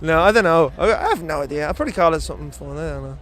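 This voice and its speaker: A man's voice: on the high side, lively intonation, racing, a bit bright, faint music behind. An Irish man being interviewed outdoors at a festival. He is still buzzing after a gig, swears casually and laughs often. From Ireland. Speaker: musician guest.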